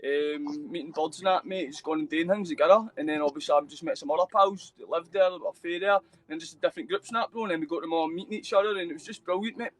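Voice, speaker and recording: A man's voice: on the high side, quick pace, hardly any pauses, poor audio. A young Scottish man with a Scottish accent, a guest telling his story on a live video call, rambling and swearing freely with lots of mate and bro. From Scotland. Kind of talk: casual storytelling interview.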